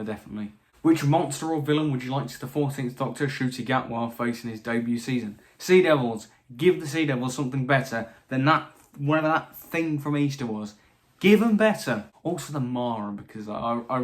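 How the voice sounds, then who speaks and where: A young British man answering viewer questions in a casual chat, with frequent restarts and dry asides, his voice a little tired late at night. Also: medium pitch. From Britain. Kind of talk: casual Q&A monologue.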